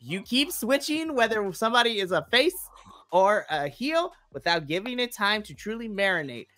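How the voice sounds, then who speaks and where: A man co-hosting a wrestling podcast, ranting in an animated, exasperated way with big jumps in pitch. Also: normal speed, no room sound, faint music behind. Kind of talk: casual podcast chat.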